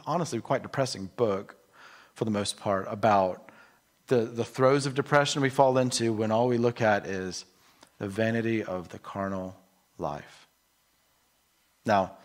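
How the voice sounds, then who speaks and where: A middle-aged pastor with a medium-pitched voice preaches an earnest, emotional sermon. He shifts between soft passages and emphatic delivery.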